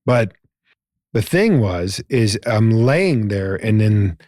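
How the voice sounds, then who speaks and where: A middle-aged man telling a story in a relaxed podcast chat. He acts out the voices in it and swears now and then. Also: on the low side, slow pace, no room sound, clean studio sound. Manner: animated, acts out quoted lines, swears. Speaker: podcast guest. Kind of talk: casual storytelling.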